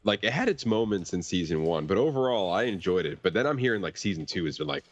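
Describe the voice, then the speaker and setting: A man chatting casually on a podcast in a measured, laid-back way, sometimes critical. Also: deep voice, very animated. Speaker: podcast panelist. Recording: dry, dull lo-fi mic.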